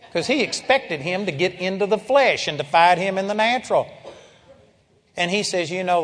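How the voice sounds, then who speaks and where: A man preaching a sermon to a congregation, telling a story through quoted dialogue and building to emphatic swells. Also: fairly high pitch. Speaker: pastor. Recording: long hall reverb.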